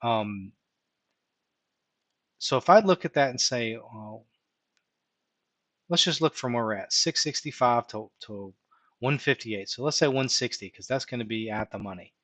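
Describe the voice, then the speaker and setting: A man's voice: medium pitch, a little slow, long pauses, a bit bright, no room sound. Man thinking aloud on a live stream. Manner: thinks aloud, tags points with "right?". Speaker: live-stream host teaching stock options. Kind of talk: unscripted live-stream walkthrough.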